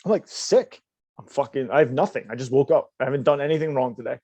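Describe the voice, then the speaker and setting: A man's voice: medium pitch, fast, mellow, no room sound. A young man telling rambling, profane stories and laughing on a casual podcast. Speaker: podcast co-host. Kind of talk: casual storytelling. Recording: dull lo-fi podcast audio.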